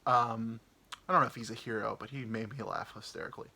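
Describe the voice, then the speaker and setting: A man's voice: medium pitch, steady tone, fast, vocal fry, pushed and bright. A man hosting a podcast, telling a comic story in a rambling, profane way with lots of fillers. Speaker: podcast host. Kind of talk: casual comedic storytelling.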